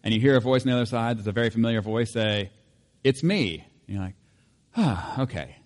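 A man's voice: fairly low pitch, steady tone, rapid-fire. A man preaching a sermon in a conversational way, with light humor and frequent self-corrections. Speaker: pastor.

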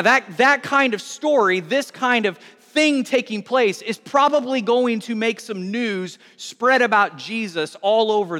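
A man preaching a sermon as pastor, animated, acting out the voices of people in the story. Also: sits high. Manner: animated, acts out voices of villagers. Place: church sanctuary. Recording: long hall reverb.

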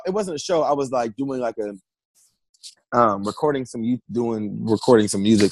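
A musician guest in a casual interview, talking in an animated, slangy way and laughing often. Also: male voice, mid-range voice, no room sound.

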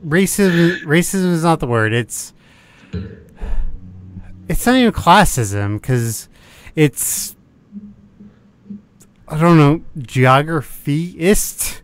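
A man's voice: on the high side, lively intonation, very slow, long pauses, clear, resonant tone. A man from the American South co-hosting a podcast, rambling casually with frequent laughs and the odd curse. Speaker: podcast co-host. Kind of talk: casual chat.

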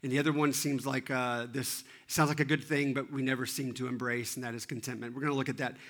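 Bright-voiced pastor telling a family story. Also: male voice, medium pitch, little pitch movement, quick pace. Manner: storytelling, acts out his kids' lines, self-deprecating humor. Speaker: teaching pastor.

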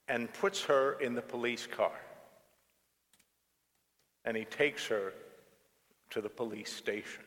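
A man preaching a sermon like someone telling a story, relaxed and unhurried. His voice sits mid-range and carries a long reverb around the church. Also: medium pitch. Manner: storytelling, conversational, animated. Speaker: pastor.

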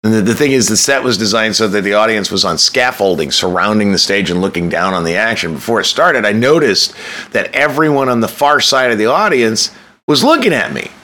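A man's voice: lowish voice, expressive, a little fast, sharp tone. A man telling a candid, self-mocking personal story, swearing freely and breaking into sudden emphatic bursts.

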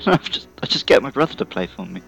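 A man's voice: medium pitch, big pitch swings, brisk, vocal fry, fairly bright tone, faint music behind, low-quality recording. Sleepy, sweary man laughing while gaming. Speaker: podcast co-host. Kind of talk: casual gaming chat.

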